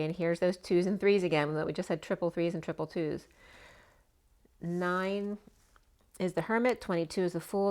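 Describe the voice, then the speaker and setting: Casting note: woman tarot reader, slightly hoarse, lowish voice, rambling and chatty. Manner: chatty, meandering, full of asides. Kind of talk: casual spoken tarot reading.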